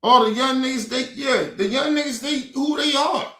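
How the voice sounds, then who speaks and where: A man ranting angrily and profanely on a livestream, repeating himself and breaking into shouts. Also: very high-pitched, normal speed. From Baltimore. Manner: angry, profane, repetitive, shouting bursts. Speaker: streamer. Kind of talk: heated livestream rant. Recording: roomy echo.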